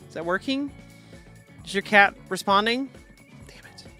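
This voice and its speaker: A woman chatting casually on her stream, her voice bright and forward. She rambles from one silly story to the next and laughs at her own jokes. Soft music plays faintly behind her. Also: medium pitch. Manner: rambling, jokey, quick to laugh at herself. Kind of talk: casual chat.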